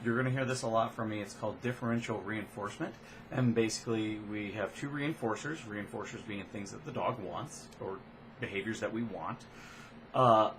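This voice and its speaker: A man's voice: medium pitch, a little hiss or hum. Man explaining dog training casually. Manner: relaxed, explains plainly with frequent uh fillers. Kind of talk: casual instructional talk.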